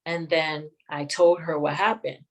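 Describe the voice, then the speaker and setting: Slow, low-voiced woman telling her story. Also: flat delivery, rough recording. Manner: slow, measured and reflective, with frequent pauses. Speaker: guest sharing her testimony. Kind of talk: personal storytelling in an interview.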